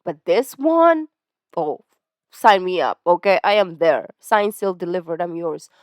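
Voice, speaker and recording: A woman chats casually to her audience while reacting to a video. She rambles, tosses in "like" and "right?", and stops now and then to find her words. Her voice is smooth and clear, recorded close in a dry room. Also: fairly low pitch, unhurried, dry recording. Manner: chatty and rambling, full of "like" and "right?"; lively, searches for words mid-sentence. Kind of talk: casual chat to viewers.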